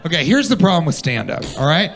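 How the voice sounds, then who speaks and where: Animated, bright-voiced male comedian. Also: a little high, quick pace, vocal fry, a faint crowd. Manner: animated, playful, riffing with the audience. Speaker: stand-up comedian. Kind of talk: stand-up comedy set. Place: comedy venue stage.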